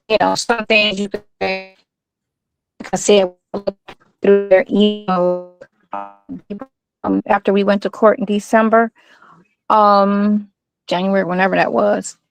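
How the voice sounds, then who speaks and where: Gravelly woman on a dry phone line. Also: medium pitch, no echo. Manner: hesitant, many fillers and restarts. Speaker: guest on a live stream call. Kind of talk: casual phone-in chat.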